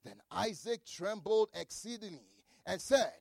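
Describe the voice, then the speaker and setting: A man preaching a sermon as pastor, reading scripture slowly and breaking into shouts for emphasis. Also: extremely high pitch, gravelly, no echo, clean studio sound. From grew up outside the United States, across the Atlantic.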